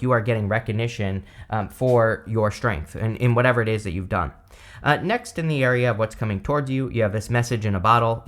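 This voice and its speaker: A man giving a casual tarot reading, chatty and rambling with many fillers, who has the hiccups. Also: fairly low pitch. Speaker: tarot reader.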